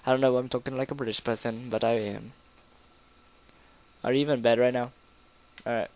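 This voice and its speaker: A young man commentating a video game in a casual, rambling, goofy way, with sudden loud outbursts. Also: mid-range voice, fairly even intonation, fairly quick. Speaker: gameplay commentator.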